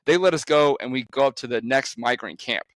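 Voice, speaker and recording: A man, a conservation photographer, recounting an adventure with animated storytelling and frequent restarts. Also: brisk, dry recording. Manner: animated storytelling with sudden rises in pitch.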